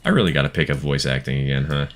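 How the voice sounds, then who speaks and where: A man's voice: a bass voice, racing, fairly bright tone. A man from the American South chatting casually with his stream viewers in a jokey way, often breaking into laughter.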